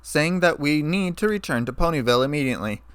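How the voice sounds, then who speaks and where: A man voicing a studious, fussy young female pony who explains briskly and grows impatient, in a storybook reading. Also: a little high, animated, fairly bright tone, clean tone, no echo.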